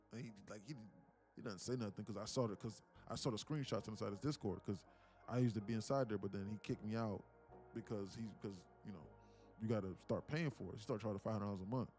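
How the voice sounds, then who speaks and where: A man's voice: mid-range voice, darkish tone. A man hosting a live day-trading stream, chatting casually and rambling, often repeating words as he talks to his viewers. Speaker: day-trading livestream host.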